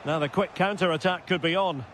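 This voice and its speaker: A man whose voice sits high speaks briskly in recorded commentary for a football video game. His crisp player-name calls escalate into shouted goal calls over slight background noise.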